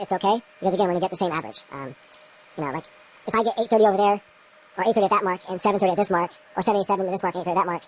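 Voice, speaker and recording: In a low-quality recording with slight background noise, a home grower with a mid-range voice demonstrates light readings. She rambles casually to the camera while working in her indoor grow room, muttering at her gear.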